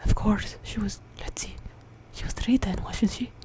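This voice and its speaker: A man's voice: high-pitched, fairly even intonation, normal speed, close to an everyday voice. A woman whispering a mysterious, scarred stranger with a slight put-on accent, in whispered role-play. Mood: sly.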